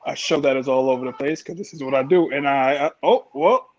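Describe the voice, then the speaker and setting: A man's voice: mid-range voice, expressive, fairly quick, dull audio. A man co-hosting a podcast, flustered and laughing in casual chat. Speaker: podcast co-host.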